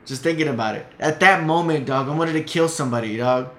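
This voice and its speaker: A man's voice: on the high side, fast talker, fairly bright tone. Heated, blunt man in an echoey room. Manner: blunt, heated storytelling with heavy swearing. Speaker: podcast guest. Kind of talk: casual chat. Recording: echoey room, faint noise.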